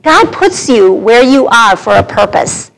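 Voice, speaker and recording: A woman's voice: a little high, big pitch swings, measured pace, vocal fry, rough recording. Laughing woman preacher. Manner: conversational, laughing through anecdotes. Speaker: women's ministry speaker. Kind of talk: sermon with personal story.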